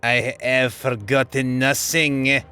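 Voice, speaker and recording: A man voicing a stern Italian male crime boss who gives low, clipped orders. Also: little pitch movement, slow, sharp tone, soft background music.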